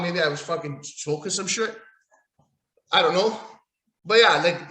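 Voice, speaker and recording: A man's voice: on the high side, pushed and bright. A man hosting a solo podcast, recapping in a rambling, profane, sarcastic way. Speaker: podcast host. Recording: echoey room.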